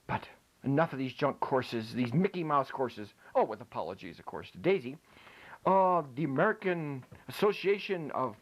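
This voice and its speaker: A man giving a playful comic lecture, joking while he demonstrates ventriloquism with food in his mouth. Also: fairly high pitch.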